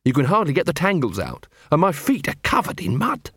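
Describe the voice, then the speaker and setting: A man doing a brisk young werewolf woman. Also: on the high side, wildly swooping pitch, a bit bright, slightly rough, no echo, clean studio sound, pitched above the performer's own voice, exaggerated voice.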